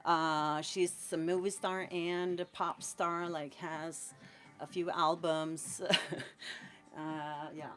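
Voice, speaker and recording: On a late-night live stream, a Scandinavian woman in her forties who works as a tattoo artist paints in a cold room at home, rambling, encouraging viewers and using lots of "like." She speaks slowly in a deep voice with little pitch movement, with faint music in the background.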